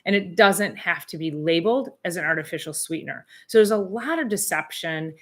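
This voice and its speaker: A woman's voice: on the low side, fairly quick. A middle-aged woman chiropractor hosting a casual live Q and A, chatty and rambling with fillers and restarts. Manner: animated, exclaims in disbelief. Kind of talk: casual live-stream chat.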